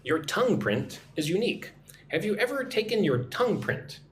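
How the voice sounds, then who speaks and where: A man's voice: high-pitched, very animated. American man teaching English live. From United States. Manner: drills pronunciation slowly, asks "right?" constantly. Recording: echoey room, faint background noise.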